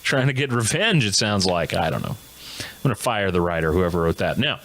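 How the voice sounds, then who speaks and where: A man's voice: low-pitched, sing-song, fairly quick, fairly bright tone. A man hosting a comedic news monologue who laughs at his own gags. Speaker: comedy show host.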